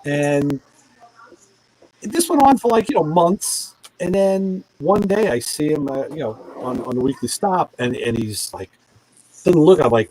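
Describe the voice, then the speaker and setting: A man's voice: fairly high pitch, measured pace, a little hiss or hum, rough recording. A middle-aged man telling a long anecdote in casual chat, acting out the voices of the people in it. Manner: animated storyteller who acts out quoted voices.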